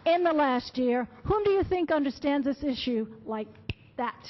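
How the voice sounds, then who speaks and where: A woman's voice: high-pitched, expressive, moderate pace, slight background noise. A woman speaking at a public comment podium, delivering a prepared, impassioned and emphatic speech with quotations. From Florida. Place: county commission meeting room. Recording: dull lo-fi public meeting audio.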